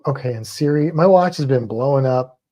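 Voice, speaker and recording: A man's voice: mid-range voice, a little fast, dark tone. A man co-hosting a livestream in casual chat. He rambles, hesitates often and laughs a lot. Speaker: livestream co-host.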